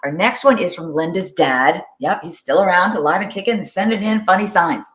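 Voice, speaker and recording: A woman's voice: fairly low pitch, brisk. A woman co-hosting a live social media show, chatting casually, greeting viewers by name and laughing often. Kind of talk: casual live-stream chat reading viewer comments.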